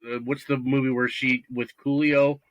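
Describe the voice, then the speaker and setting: A man's voice: mid-range voice, level tone, normal speed, fairly bright tone, no echo, highs cut off. A man co-hosting a podcast, chatting casually and agreeing emphatically. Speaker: podcast co-host. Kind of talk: casual chat.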